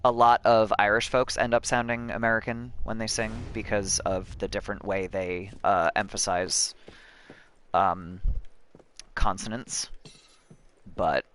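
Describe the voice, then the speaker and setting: A man streaming a game, chatting casually and thinking aloud with many pauses and ums. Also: on the low side, flat delivery, a bit bright, slight background noise. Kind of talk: casual live-stream chat.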